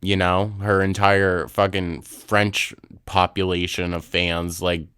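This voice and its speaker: A man's voice: deep voice, little pitch movement, slow pace, a bit bright, clear, resonant tone, no room sound. A man in his twenties giving blunt, sarcastic reaction commentary, swearing freely. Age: 20s. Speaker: commentary channel host.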